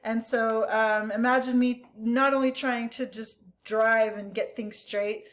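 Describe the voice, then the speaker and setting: A woman teacher giving a recorded vocabulary lesson, explaining each word in English and slowly modeling its pronunciation. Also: a little high, steady tone. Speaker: French teacher.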